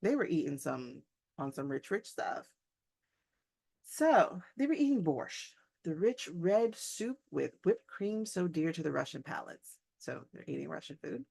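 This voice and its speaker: A woman's voice: low-pitched, big pitch swings, a little slow, creaky, darkish tone, husky. A woman English teacher reading a short story aloud and breaking off for chatty, joking asides to her class.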